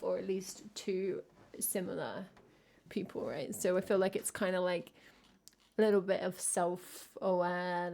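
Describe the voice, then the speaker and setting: A woman's voice: fairly low pitch, creaky, a little mellow. A singer-songwriter woman chatting casually with her livestream viewers between songs, rambling and teasing the chat. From England. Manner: rambling, loose, full of "like" and "I don't know".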